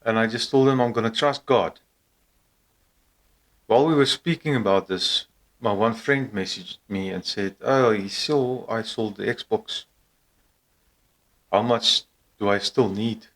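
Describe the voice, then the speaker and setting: Slow, hesitant low-voiced man. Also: fairly bright tone. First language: not English. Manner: hesitant, with many pauses and fillers. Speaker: vlogger. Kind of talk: casual encouraging talk to camera.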